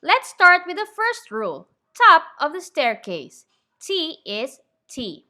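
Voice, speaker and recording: Her voice sits very high, swoops wildly in pitch, and has a sharp edge as she leads a slow, clear pronunciation lesson in English. She's patient, frequently checks in with "okay?", and drills words slowly and with care.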